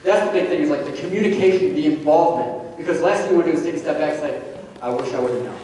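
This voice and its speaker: Guy presenting to parents, chatty, lots of likes, kinda high voice, echoey hall from far off. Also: rapid-fire, warm tone. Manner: conversational, many fillers like "like". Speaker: addiction therapist presenting. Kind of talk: casual public talk to parents. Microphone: distant from the recorder. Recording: echoey hall from far off, faint background hum.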